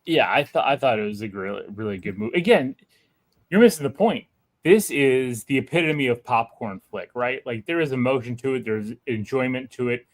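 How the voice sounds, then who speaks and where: A man's voice: medium pitch, animated, a little fast. A middle-aged man hosting a podcast, talking earnestly and growing indignant as he reads reviews. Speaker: podcast host. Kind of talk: casual chat.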